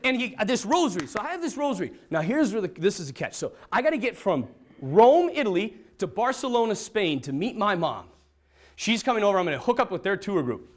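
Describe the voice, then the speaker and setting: A man from North Dakota with an unusually high voice tells his own story with lots of energy. His pitch jumps around as he acts out the dialogue and pokes fun at himself. He speaks as a Catholic priest giving a personal testimony. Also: a little fast. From North Dakota, USA. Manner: animated storyteller acting out quoted dialogue; self-deprecating and humorous. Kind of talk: personal testimony told to an audience.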